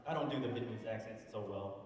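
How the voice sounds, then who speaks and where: A man's voice: fairly low pitch, quick pace, crowd noise. A man in his thirties doing a stand-up comedy set, acting out voices, recorded from a distance in a noisy hall with laughter behind. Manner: animated, acts out voices and mock accents. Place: large hall before a live audience. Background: audience laughter.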